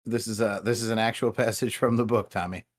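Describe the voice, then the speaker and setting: A man's voice: on the low side, fairly even intonation, fairly quick. A man co-hosting a podcast in casual chat, teasing his partner and reading news articles aloud. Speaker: podcast co-host.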